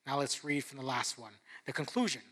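A man preaching a sermon as pastor, earnest, dropping softer and quieter when he reads scripture. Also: medium pitch, brisk.

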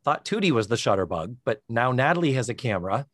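A man co-hosting a podcast, recapping a TV episode in casual chat with a wry, sarcastic, animated manner. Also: mid-range voice, fast, no room sound, studio quality. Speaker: podcast co-host.

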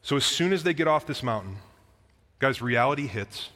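A man's voice: medium pitch, expressive, normal speed, a bit bright. A man preaching a conversational sermon, reading scripture aloud and explaining it to the congregation. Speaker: pastor. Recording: long reverb of a hall.

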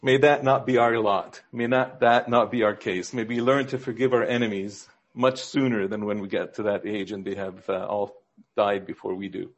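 Husky man telling church jokes from the pulpit. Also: fairly even intonation, normal speed, muffled recording. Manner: storytelling, acting out quoted characters with lifts in pitch. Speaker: pastor. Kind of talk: sermon with told jokes.

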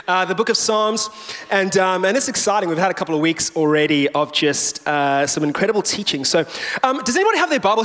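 A man preaching a lively, rousing sermon to a church congregation, with joking asides. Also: sits high. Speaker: pastor. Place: large church hall. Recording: reverberant church hall.

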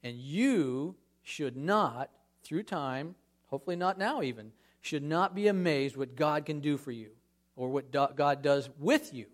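A man giving a conversational sermon in a church as a guest speaker, acting out scripture scenes with lively emphasis. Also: fairly high pitch, measured pace.

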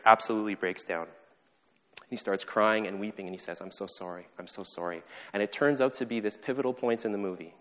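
A man preaching a sermon, telling a story earnestly and falling to a soft hush when he quotes the characters. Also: on the low side. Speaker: pastor. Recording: long hall reverb.

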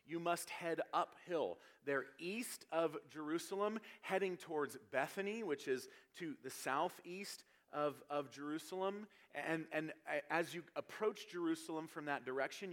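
Guy preaching a sermon, fairly high voice, gets loud and emphatic in spots. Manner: expository preaching with rising emphatic passages. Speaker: pastor.

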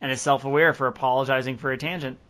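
A man's voice: mid-range voice, fairly even intonation, very fast, bright, forceful tone. A man co-hosting a podcast, reading a horror story aloud and cracking crude jokes. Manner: crude, joking. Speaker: podcast co-host.

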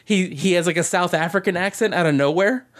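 Speaking quickly in a voice that sits high, a male podcast co-host spins rambling, laugh-filled stories laced with plenty of swearing during casual chat.

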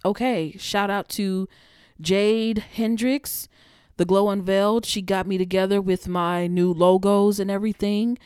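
A woman's voice: mid-range voice, fairly even intonation, measured pace, darkish tone, clean tone, no echo, studio quality. A woman hosting her own podcast, talking freestyle in a blunt, heated, profane monologue. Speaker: podcast host.

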